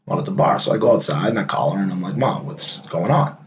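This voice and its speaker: A man's voice: low voice, racing, a little hiss or hum. Candid man in his late thirties, echoey room. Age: late 30s. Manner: candid, conversational, wry laughs, many fillers. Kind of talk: casual personal monologue.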